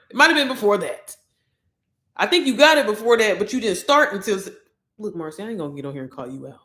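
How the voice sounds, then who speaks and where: A woman, chatting excitably on a casual livestream and talking straight to her viewers. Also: mid-range voice, fast talker. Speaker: online course promoter. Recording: echoey room.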